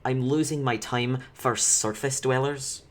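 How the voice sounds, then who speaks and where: A man voicing an impatient, desperate male dark elf who pleads and snaps in exasperation during a tabletop game. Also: mid-range voice, fairly even intonation, unhurried, pitched above the performer's own voice, close to an everyday voice. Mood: scornful.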